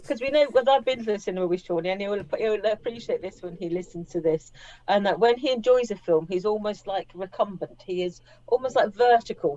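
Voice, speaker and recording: A woman's voice: medium pitch, mellow. Woman co-host teasing a friend, dull sound. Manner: teasing, anecdotal. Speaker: podcast co-host. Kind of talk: casual chat.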